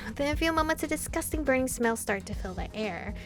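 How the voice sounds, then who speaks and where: Animated young woman reading a visual novel. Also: a little high, moderate pace. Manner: animated, laughing asides between reading. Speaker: gaming video host. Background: game music.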